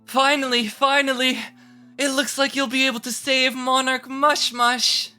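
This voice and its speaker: A man's voice: very high-pitched, little pitch movement, measured pace, sharp tone, soft background music, pitched above the performer's own voice, full character voice. A man voicing a small, sheepish female nurse mushroom in a tabletop game. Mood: awed. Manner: sheepish, awed.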